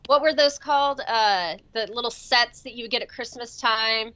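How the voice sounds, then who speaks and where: A woman's voice: fairly high pitch, moderate pace, sharp tone, no room sound. A woman co-hosting a casual movie podcast, chatty and full of crude humor. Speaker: podcast co-host. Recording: dull lo-fi audio.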